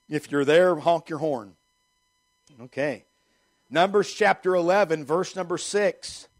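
A middle-aged male pastor preaching a sermon emphatically, throwing rhetorical questions at his congregation. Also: a little high.

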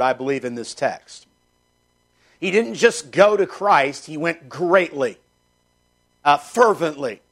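A man's voice: a little high, fairly bright tone. A man preaching a sermon, reading scripture aloud and fervently repeating short refrains. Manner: reads scripture in old-fashioned wording. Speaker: pastor.

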